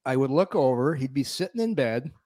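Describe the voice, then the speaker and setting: A middle-aged man swaps locker-room stories on a sports talk show, laughing as he goes and acting out the people in them. His voice sits at an ordinary pitch and sounds close and dry, with almost no room sound. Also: brisk, dry recording. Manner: animated storyteller, laughs often, acts out voices. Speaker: podcast co-host, former hockey player. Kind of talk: casual sports talk, storytelling.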